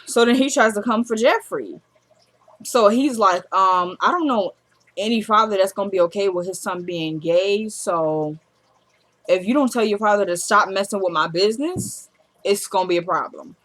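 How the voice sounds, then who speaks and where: A woman's voice: medium pitch, moderate pace, fairly bright tone. A woman casually recapping a TV drama episode, acting out the characters' lines as she retells each scene. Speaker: show recapper.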